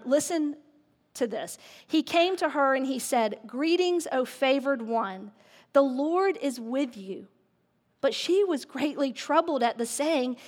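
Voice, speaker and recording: A woman pastor giving a sermon, candid and self-mocking in her delivery. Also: high voice. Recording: echoey hall with long reverb.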